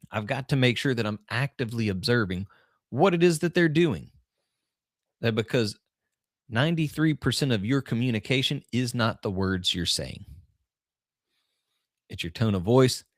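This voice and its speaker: Lowish-voiced male coach, dry close sound. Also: dry recording. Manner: rambling, with restarts and shifting emphasis. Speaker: podcast host and business coach. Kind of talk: casual coaching talk.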